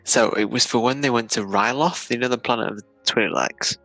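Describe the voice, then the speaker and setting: A man's voice: mid-range voice, brisk, a bit bright, no echo, soft background music, poor audio. A man co-hosting a casual tabletop gaming chat, telling stories animatedly and laughing often. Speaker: podcast co-host.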